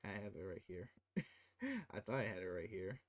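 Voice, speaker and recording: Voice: low voice, moderate pace. A channel host ranting casually about a film, incredulous and exasperated, rambling with restarts.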